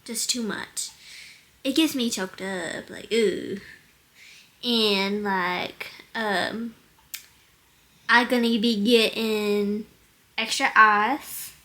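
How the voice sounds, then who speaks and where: A woman's voice: medium pitch, fairly even intonation, very slow, pauses often, bright, forceful tone. A teenage girl chatting casually at home on a handheld camera, hesitant, with lots of ums, trying out silly accents. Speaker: daughter of the vlogger. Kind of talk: casual chat.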